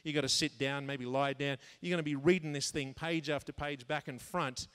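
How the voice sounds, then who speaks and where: A man telling a personal story in a sermon to a men's conference, animated, jumping high when he acts out his own thoughts and laughing at himself. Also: moderate pace, smooth. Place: large conference hall. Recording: long hall reverb.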